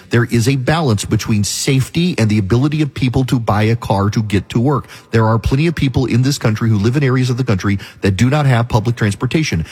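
Husky-voiced opinionated radio host, man. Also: medium pitch, darkish tone. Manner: opinionated, emphatic ranting. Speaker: radio talk show host. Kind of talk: talk radio monologue.

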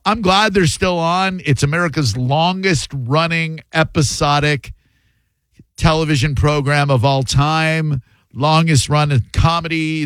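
A man hosting a radio call-in show, chatty and animated. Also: fairly high pitch, no room sound. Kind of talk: casual radio talk with callers.

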